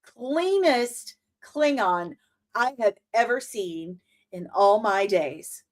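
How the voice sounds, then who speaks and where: A woman in her forties hosting a casual reaction to a trailer, animated and exclamatory with mock outrage. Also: mid-range voice, slow. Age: 40s.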